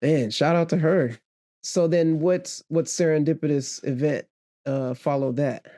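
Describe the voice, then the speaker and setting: A man's voice: a little high, measured pace, mellow. A man hosting a podcast, asking curious follow-up questions in casual interview style. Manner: curious, laughs along. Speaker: podcast host.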